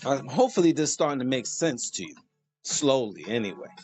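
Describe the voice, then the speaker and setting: A man hosting a casual monologue, preachy and animated, joking and laughing at his own lines. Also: mid-range voice, brisk, soft background music. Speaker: host.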